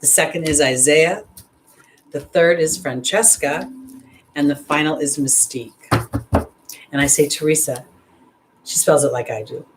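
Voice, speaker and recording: In a very noisy recording, a woman with a deep voice gives an informal astrology and angel card reading as an intuitive astrologer and card reader. She speaks unhurriedly and pauses often, rambling chattily, calling viewers by name, and laughing at herself when nervous.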